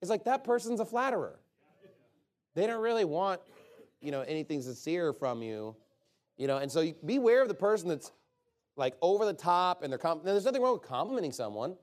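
Fairly high-voiced man preaching emphatically. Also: big pitch swings, a little fast. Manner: emphatic, conversational, rhetorical questions. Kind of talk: sermon.

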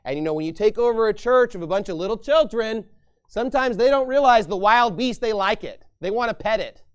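A man's voice: high voice, expressive, brisk, clear, resonant tone. A man pastor preaching a sermon in an emphatic, repetitive style.

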